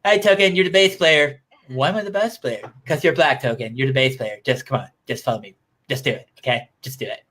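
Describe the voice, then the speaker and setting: A man's voice: mid-range voice, quick pace, a bit bright, voice pushed down, natural voice. A man doing an impression of a bossy, pushy cartoon schoolboy on a casual podcast.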